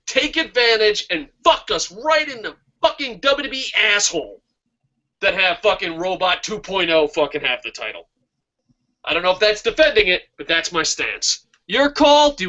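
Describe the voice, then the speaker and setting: A man hosting a wrestling talk stream, ranting casually with lots of swearing. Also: high-pitched. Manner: profane, ranting, excitable. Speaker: wrestling talk show host. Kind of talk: casual live-stream chat. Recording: dull lo-fi stream audio.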